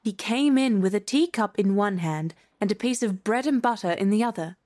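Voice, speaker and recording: Woman storybook narrator, measured and clear, mid-pitched. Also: expressive, darkish tone. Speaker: audiobook narrator. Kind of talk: storybook reading.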